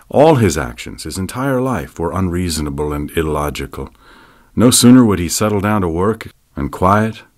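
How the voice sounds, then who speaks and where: Male audiobook narrator, very deep voice, measured scripted delivery.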